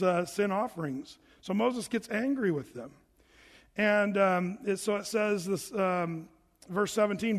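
Male preacher, high voice, casual teaching sermon, reverberant hall. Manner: reads scripture aloud, then explains it in a casual, animated way. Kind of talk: evening Bible study sermon.

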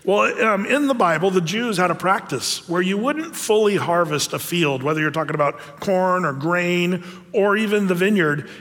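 A man preaching a sermon in a chatty, animated way, full of fillers and asides. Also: sits high, long reverb tail. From United States. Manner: conversational, animated with frequent fillers. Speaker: pastor.

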